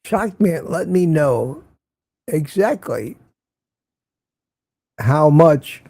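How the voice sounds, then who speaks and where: A man's voice: on the high side, expressive, very slow, warm tone, dry recording. An older man hosting a casual morning livestream, greeting viewers by name and rambling sarcastically. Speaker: livestream host.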